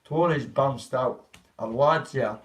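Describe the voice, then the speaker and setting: A man's voice: mid-range voice, slow pace. Male vlogger, casual profane storyteller, mid-range voice, sits back from the mic. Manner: rambling, profane, acts out quoted voices. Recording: voice a bit far from the mic.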